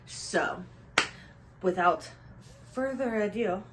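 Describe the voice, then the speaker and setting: A woman's voice: mid-range voice, drawn-out words, noisy background. A young woman hosting a casual book chat at home, upbeat and a little out of breath after the gym. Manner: chatty and upbeat. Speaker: booktube host.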